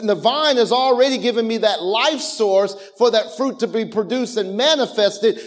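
A man preaching a sermon as pastor, animated, with call-and-response, laughter and shouted lines, in informal speech full of restarts and repetitions. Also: high-pitched.

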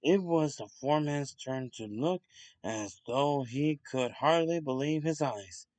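A man reading a children's story aloud in a slow, deliberate way with occasional slips. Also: medium pitch, animated, a little mellow, no room sound. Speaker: storybook reader.

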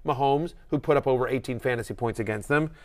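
A middle-aged man hosting a fantasy football show, talking fast and animated, acting out voices as he rants. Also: mid-range voice. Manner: animated, ranting, acts out quoted voices. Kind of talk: excited sports analysis chat.

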